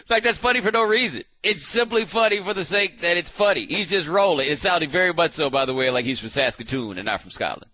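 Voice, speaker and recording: A man hosting a sports talk show, riffing in a casual, animated way with frequent restarts. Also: on the high side, quick pace, few pauses, no room sound.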